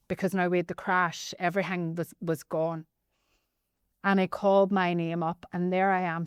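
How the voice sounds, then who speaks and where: A woman with a Northern Irish accent telling a personal story as a podcast guest, animated and often addressing the host by name. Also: on the low side, clear, resonant tone, no room sound, clean studio sound. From Northern Ireland.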